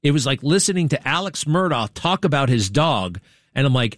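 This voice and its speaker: A man's voice: medium pitch, big pitch swings, normal speed, no echo. Dry, rambling male talk-show host. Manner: digressive, wry, talks to studio crew. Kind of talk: rambling monologue, casual chat.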